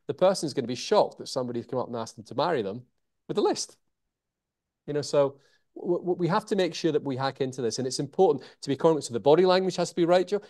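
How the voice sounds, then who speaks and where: A man, a guest in an interview, explaining communication techniques in an animated way, changing his pace and pausing for emphasis. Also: on the high side. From Scotland. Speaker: communication author and trainer.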